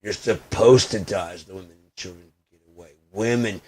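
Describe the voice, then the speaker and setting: Profane ranting man, low voice. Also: brisk, slightly rough. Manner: profane, swings from loud outbursts to muttering. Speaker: video blogger. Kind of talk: ranting personal monologue.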